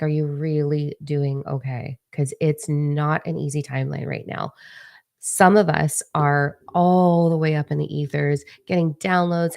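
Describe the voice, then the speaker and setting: A woman's voice: low-pitched, vocal fry, a little mellow, no echo, studio quality. A young woman giving a chatty spiritual talk, swearing freely and acting out other people's voices. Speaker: spiritual channeler. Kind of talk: casual spiritual vlog talk.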